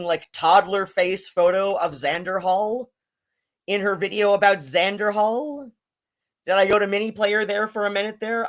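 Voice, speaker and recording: A man's voice: high voice, a bit bright. A man hosting a casual live-stream commentary, rambling and swearing, with many fillers and restarts.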